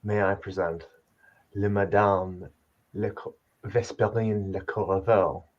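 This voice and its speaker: A man's voice: on the low side, steady tone, takes it slowly, highs cut off. A man voicing a dry, formal aristocratic husband in a tabletop role-play.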